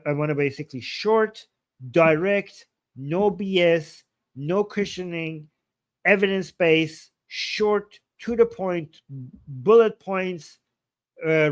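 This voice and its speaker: A man hosting a livestream, explaining his method in a blunt, animated, casual way and swearing freely. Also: a little high. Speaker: livestream host.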